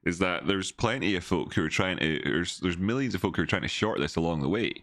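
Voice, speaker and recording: Rambling deep-voiced man. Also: lively intonation, brisk, a bit bright, no echo, clean studio sound. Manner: rambling, repeats words, chats with viewers. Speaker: livestream market analyst. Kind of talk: casual live-stream chart analysis. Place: home.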